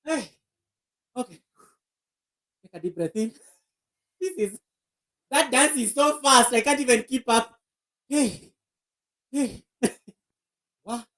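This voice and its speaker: A woman's voice: high-pitched, takes it slowly, long pauses, fairly bright tone. Breathless, laughing woman streamer. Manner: playful, laughing, bursts of singing. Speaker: livestream host. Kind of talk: casual live stream chat.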